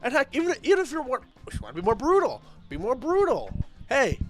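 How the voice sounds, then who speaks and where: Animated high-voiced male commentator. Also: quick pace, soft background music. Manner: animated, emphatic, repeats himself for effect. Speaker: host reading and commenting on role-play stories. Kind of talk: casual commentary.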